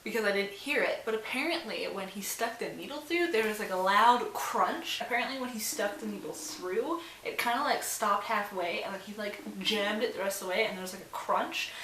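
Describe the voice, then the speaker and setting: A woman's voice: medium pitch, fairly quick, hardly any pauses, a bit bright. Rambling young woman in a roomy space. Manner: rambling, filler-heavy, swears freely. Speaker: vlogger. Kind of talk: casual storytelling to camera. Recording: roomy sound with faint hiss.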